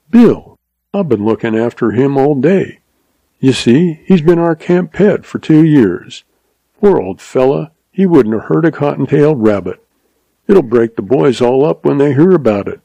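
A man's voice: medium pitch, lively intonation, unhurried, gravelly, dark tone, no room sound, voice pushed up. A man voicing a sly, easygoing young male cowboy, with a drawling, mock-mournful delivery.

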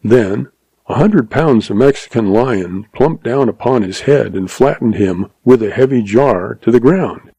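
A man reading a story aloud in measured, scripted narration. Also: mid-range voice, animated, warm tone, slightly rough, dry recording, poor audio. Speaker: audiobook narrator.

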